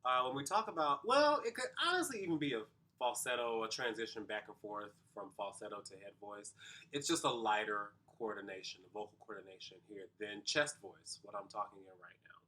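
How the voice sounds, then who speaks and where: A man's voice: lowish voice, a little fast, pushed and bright. A man working as a vocal coach, casually explaining singing technique to viewers at home. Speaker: vocal coach reacting to a performance. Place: home, recorded at night.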